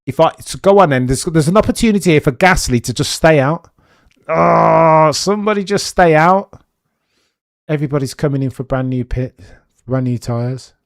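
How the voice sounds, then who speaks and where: A man's voice: a little high, normal speed, vocal fry, dry recording, studio quality. Chatty man commentating live. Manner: animated, chatty, swings between excited and muttered asides. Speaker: streamer. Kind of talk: live race watchalong commentary.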